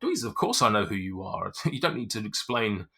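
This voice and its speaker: A man's voice: on the low side, wildly swooping pitch, a little fast, creaky, bright, forceful tone, husky, heavily acted. A man voicing a friendly middle-aged male shopkeeper who talks in an effusive, fumbling way.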